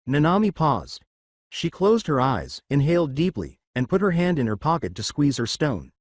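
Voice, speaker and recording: A man narrating a fan fiction story with an expressive reading. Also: a little high, moderate pace, dry recording.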